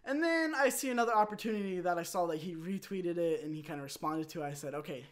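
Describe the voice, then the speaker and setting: Excitable young man telling a story. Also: sits high. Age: young adult. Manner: animated, rambling, with quick restarts and acted-out quotes. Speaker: channel host. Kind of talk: casual storytelling monologue.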